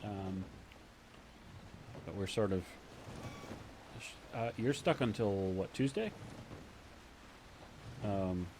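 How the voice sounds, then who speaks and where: A man with a low voice chats casually with his stream audience. He rambles from one point to the next and breaks into laughter often. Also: very slow, pauses often, background noise. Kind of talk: casual chat with stream viewers.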